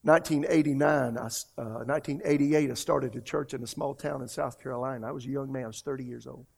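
Gravelly-voiced male pastor preaching. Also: medium pitch, steady tone, fast talker. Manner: storytelling, swinging between hushed and loud emphatic delivery. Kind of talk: sermon.

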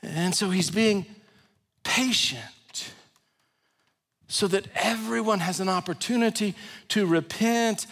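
A pastor preaches to his congregation in a high, earnest voice. He sinks to a hushed, low tone when he leads a prayer. His words ring out with the long reverb of a large sanctuary. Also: slow, long pauses. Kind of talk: sermon.

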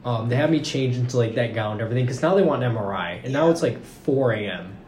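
A man's voice: medium pitch, expressive, fast talker, darkish tone. Young man rambling with constant "like"s. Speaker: podcast guest recounting a story. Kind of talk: casual storytelling chat. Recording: roomy room with faint noise.

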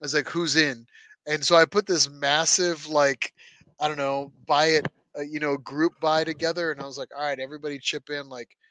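A man co-hosting a casual car podcast, telling long animated stories with lots of fillers and restarts. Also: on the high side, a little fast, no room sound. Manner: rambling, animated storyteller with many fillers. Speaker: podcast co-host. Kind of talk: casual chat.

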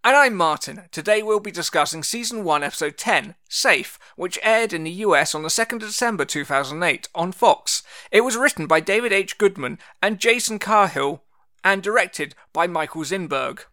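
A man's voice: high-pitched, animated, moderate pace, sharp tone, no echo, clean studio sound. A man co-hosting a casual podcast, playful and jokey, with a sore throat. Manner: jokey, playful, does mock voices. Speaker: podcast co-host.

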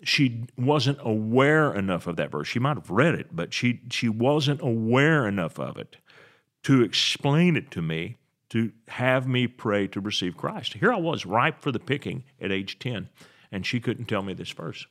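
A man preaching a sermon, slow and emphatic, asking rhetorical questions. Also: mid-range voice, sing-song, a bit bright.

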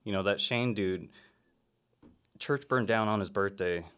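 A man's voice: lowish voice, unhurried, a bit bright, clean tone. A man in casual chat as a podcast guest, laid-back and rambling, swearing freely. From Arkansas, US. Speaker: podcast guest, black metal musician.

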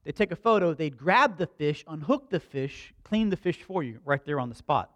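A man preaching a sermon, telling stories in an animated, conversational and humorous way. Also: fairly high pitch, moderate pace, no echo. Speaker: pastor. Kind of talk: storytelling sermon.

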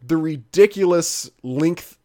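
A man's voice: a little high, slow, warm tone. A man hosting a casual chat, rambling and swearing freely with many restarts. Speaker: podcast host.

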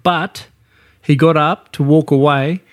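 Sweary Australian bloke cracking up. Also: male voice, fairly high pitch, fairly even intonation, slow. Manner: blunt, sweary, laughs through his stories. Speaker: podcast co-host. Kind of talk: casual pub banter podcast.

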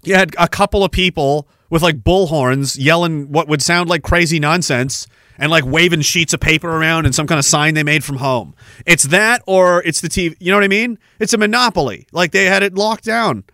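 A man hosts a podcast and gives casual, sarcastic commentary full of profanity. His voice sits slightly high for a man. The recording is dry, with no room sound. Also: moderate pace, sharp tone, no echo. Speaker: podcast host.

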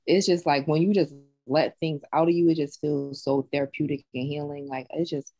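A woman's voice: deep voice, fairly even intonation, normal speed, warm tone, muffled recording. A woman guest on a podcast, talking in a reflective, open and supportive way. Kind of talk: casual podcast chat.

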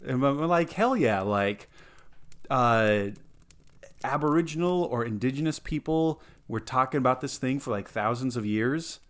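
A man's voice: mid-range voice, animated, unhurried, a bit bright. A man co-hosting a podcast in casual chat, rambling, thinking aloud through restarts. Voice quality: rambling, many filler likes and restarts. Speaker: podcast co-host.

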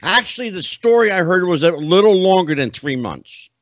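A man hosting a podcast, chatting in an animated way with many asides. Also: sits high, moderate pace, dry recording, lo-fi sound. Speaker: podcast host. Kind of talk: casual interview chat.

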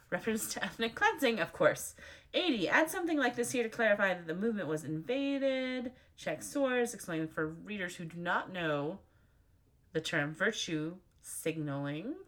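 A woman with a mid-range, somewhat bright voice reads out a list of numbered editor's notes. She keeps interrupting herself with dry, sarcastic asides.

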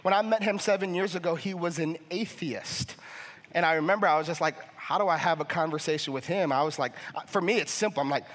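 A young man preaching a sermon as a family ministries pastor, passionate and fervent, often repeating and restarting words as he builds to near shouting. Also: on the high side, fast. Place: church auditorium. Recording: church hall reverb.

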